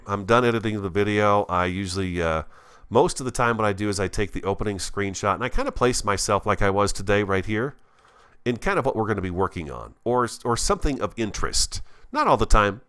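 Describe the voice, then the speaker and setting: Animated man chatting over gameplay. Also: fairly low pitch, fairly quick, clean tone. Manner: animated, enthusiastic radio-style delivery with asides to viewers; chatty, talks to himself while playing. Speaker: Minecraft let's play host. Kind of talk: casual gameplay commentary.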